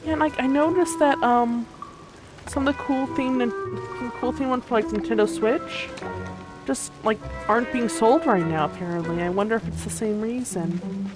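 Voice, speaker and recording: Over music, a young woman speaks at a moderate pace in a fairly high voice while livestreaming her gameplay. She's sleepy and yawns as she rambles casually, often restarting and using fillers.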